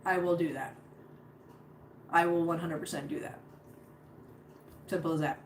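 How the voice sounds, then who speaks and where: A woman's voice: deep voice, steady tone, unhurried. A middle-aged woman chatting casually on a live stream from her home floor, rambling with many fillers and restarts. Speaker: cat rescuer streaming live. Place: home, sitting on the floor among cats. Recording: roomy home recording, faint background hum.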